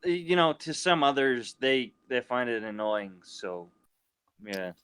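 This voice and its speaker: A man's voice: mid-range voice, animated, measured pace, a bit bright, clear, resonant tone, dry recording. Rambling man, beer in hand. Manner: rambling, drinking beer while talking. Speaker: chat participant. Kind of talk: casual voice chat.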